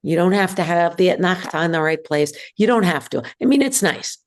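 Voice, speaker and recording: A woman teaching a synagogue class, speaking hesitantly with many ums and pauses. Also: on the low side, expressive. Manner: hesitant, many ums, sings trope examples. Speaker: bar mitzvah trope teacher. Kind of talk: classroom lesson.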